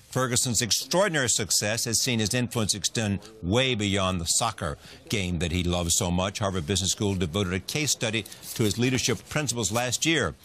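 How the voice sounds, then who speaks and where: A man's voice: mid-range voice, fairly bright tone. A man hosting a television interview, reading a scripted introduction and then asking probing, conversational questions.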